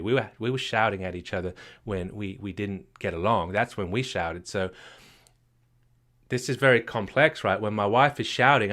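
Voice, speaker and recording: A man's voice: on the low side, bright, forceful tone. A man from the UK, a marriage coach teaching a live session with emphatic rhetorical questions and frequent repetitions. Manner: emphatic, rhetorical questions, many repeated words.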